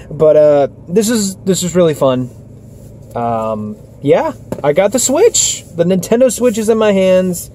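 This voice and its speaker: A man's voice: high voice, big pitch swings, slow pace, mellow, slight background noise. A tired, worn-out young man vlogging casually into his phone camera, rambling with lots of fillers and restarts. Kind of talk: casual vlog talk.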